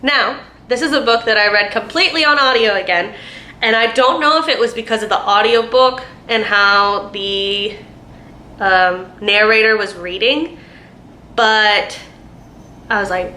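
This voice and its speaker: A woman's voice: mid-range voice, normal speed, bright, forceful tone. A young woman reviewing books in a casual, rambling way, full of fillers and acted-out quotes. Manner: chatty, rambling, lots of fillers, acts out quotes. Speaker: booktuber. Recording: echoey room, faint noise.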